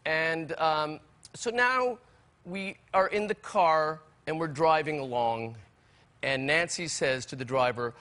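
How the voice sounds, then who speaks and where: A man in his sixties, a talk show guest, telling a comic anecdote with animated delivery, stammered restarts and acted-out voices. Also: fairly high pitch, takes it slowly. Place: television studio with live audience.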